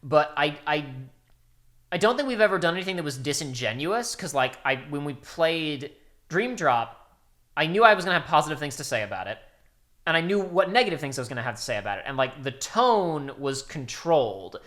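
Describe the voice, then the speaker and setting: A young man co-hosting a casual podcast chat, rambling and animated, bursting into loud acted-out quotes. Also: a little high, a little fast. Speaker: podcast co-host.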